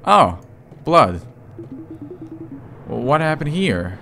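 A man's voice: fairly high pitch, very animated, extremely slow, gravelly, sharp tone, slight background noise. A man doing let's play commentary, joking and reading in-game lines aloud with sudden outbursts. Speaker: gaming commentator.

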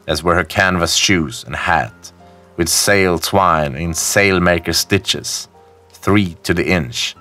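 A man narrating a classic story in a measured, slow storytelling manner. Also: low voice. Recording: faint music bed behind the voice. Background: soft background music.

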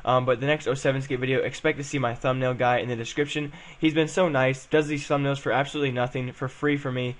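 A man's voice: mid-range voice, steady tone, fast, hardly any pauses. A young man chatting casually as he plays and comments on a game, rambling and saying "um" and "guys" a lot. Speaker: gaming channel host.

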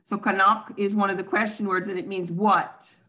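A woman's voice: mid-range voice, level tone, moderate pace, pushed and bright. A woman teaching an online language class, patiently explaining step by step over a video call.

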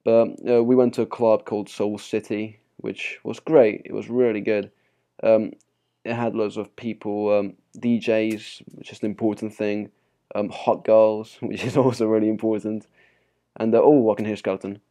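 A man's voice: lowish voice, flat delivery, moderate pace, mellow. A young man with a Spanish accent, chatting casually with many fillers while playing a game on his channel. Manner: rambling and chatty, with many fillers and small laughs. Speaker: gaming channel host. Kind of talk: casual gameplay commentary.

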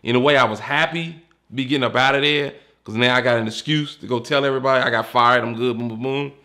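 Fast, bright and forceful, this gravelly DC man recounts his career as a homicide detective, now retired, in a mid-range voice. He tells it casually and candidly, cursing along the way and playing out the people he quotes.

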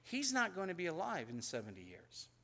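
A man's voice: high voice, wildly swooping pitch, a little fast, vocal fry, sharp tone. A man pastor teaching an expository sermon in a conversational way, often repeating words and acting out the prayers he quotes. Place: church sanctuary.

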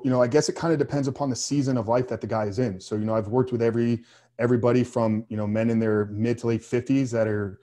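A man's voice: mid-range voice, warm tone. A man speaking as a guest coach on a podcast, answering earnestly with frequent fillers and restarts. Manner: earnest, faith-driven, with many fillers.

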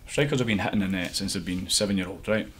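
Male coach, low husky voice, earnest and searching in interview. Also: quick pace, a bit bright. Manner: earnest, thinking aloud with restarts. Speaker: assistant head coach. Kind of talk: interview answers.

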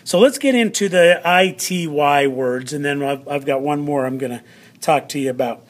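A male teacher giving a vocabulary lesson to students, drawing out words slowly and checking in often. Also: a little high. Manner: slow, drawn-out word pronunciation with frequent "all right" check-ins.

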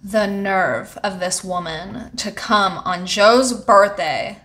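A woman's voice: mid-range voice, slow, a bit bright. A young woman giving casual commentary on her life-simulation game, chatting and bossing her characters around. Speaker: gaming channel host.

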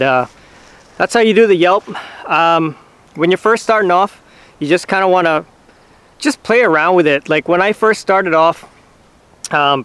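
Casual male host, a bit high-pitched, clean smooth tone, patient step-by-step explainer. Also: dry recording. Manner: relaxed, patient, talks in short halting phrases with fillers. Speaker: hunting channel host teaching turkey calls. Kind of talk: casual how-to instruction.

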